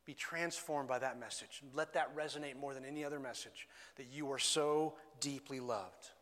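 A man's voice: mid-range voice, normal speed, a bit bright. A man preaching a sermon as pastor, earnest and conversational, often restarting his phrases. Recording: long hall reverb.

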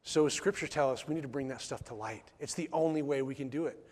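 In church, a pastor delivers a sermon in a mid-range, slightly mellow voice, talking fast. He speaks emphatically, repeats key phrases, and asks the congregation rhetorical questions.

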